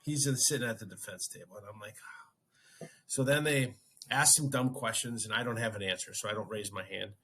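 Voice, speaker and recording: A man's voice: lowish voice, a little fast, pushed and bright, a little hiss or hum. A man hosting a podcast, casually telling a story and acting out his own reactions. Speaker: podcast host.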